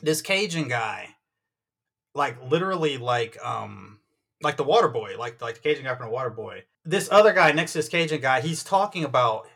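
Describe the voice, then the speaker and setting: Bright-voiced rambling man chatting sports. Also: mid-range voice, lively intonation, moderate pace, creaky, husky. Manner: rambling, tangent-prone, acts out quotes. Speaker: podcast co-host. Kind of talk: casual sports chat.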